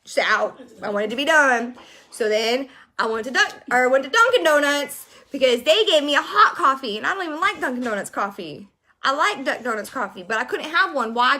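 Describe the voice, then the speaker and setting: A young woman telling a story casually to her viewers, animated and exasperated as she vents. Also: sits high. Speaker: vlogger.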